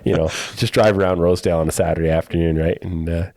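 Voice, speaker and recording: A middle-aged man with a deep, low voice tells stories in a loose, chatty way, often breaking into laughter. He sounds close to the mic in a dry room with no echo. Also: fairly even intonation, quick pace, a little mellow. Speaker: podcast co-host. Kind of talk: casual chat.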